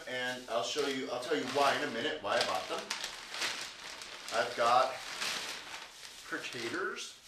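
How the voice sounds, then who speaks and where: A man's voice: medium pitch, far from the mic, noisy background. A man chatting casually in a rambling vlog, with stretches of frustrated ranting. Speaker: English teacher vlogger. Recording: echoey room, off-mic at times.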